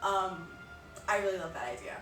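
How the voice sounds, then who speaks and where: A woman's voice: lowish voice, animated, normal speed, fairly bright tone, distant mic. A young woman chatting casually on a live stream, rambling and giggling with lots of filler words. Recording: roomy, off-mic, music behind.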